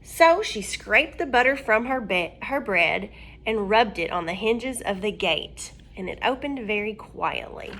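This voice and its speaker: A woman reading a children's storybook aloud, expressive and asking her listeners questions. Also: mid-range voice, unhurried, gravelly, slight background noise.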